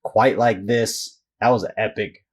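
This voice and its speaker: A man's voice: on the low side, steady tone, measured pace, slightly rough. A man co-hosting a sports podcast, giving game recaps in a casual style with crude jokes. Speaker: podcast co-host.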